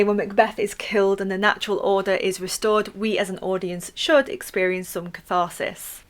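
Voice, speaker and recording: Chatty female teacher giving a revision lesson, playful and medium-pitched. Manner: chatty, playful, with acted-out quotes.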